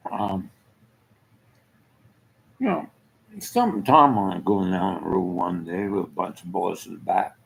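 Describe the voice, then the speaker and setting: Gravelly, rambling man chuckling often. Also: sits low, lively intonation, unhurried, long pauses, slight background noise, poor audio. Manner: rambling, chuckles often, trails off mid-thought. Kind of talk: rambling casual monologue.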